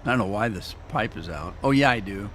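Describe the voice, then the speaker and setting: A man's voice: lowish voice, lively intonation, fairly quick, fairly bright tone, a little hiss or hum. Rambling man narrating his farming game. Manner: chatty, rambling, self-teasing. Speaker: gaming streamer. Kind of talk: casual gameplay commentary.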